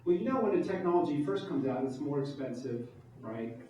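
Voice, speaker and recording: A man's voice: on the high side, animated, fairly quick, mellow, slight background noise. A man giving a campaign speech to an audience, emphatic and fond of rhetorical questions. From New York. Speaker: political candidate. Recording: distant mic, echoey room, dull sound.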